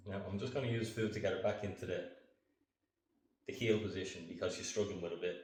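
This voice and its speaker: A man training his dog on camera, calmly explaining each step and breaking off for short commands and upbeat praise to the dog. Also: deep voice, fast talker, distant mic, slight background noise. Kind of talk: hands-on training demonstration. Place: indoor training room. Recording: echoey room, voice off-mic.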